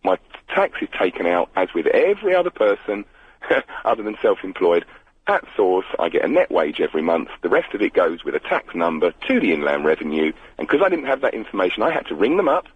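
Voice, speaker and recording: A man from Britain with a slightly croaky voice calling a radio show, explaining his case earnestly. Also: sits low, very animated, a little fast, dry recording. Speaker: caller. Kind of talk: phone-in chat. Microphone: telephone. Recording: lo-fi phone line.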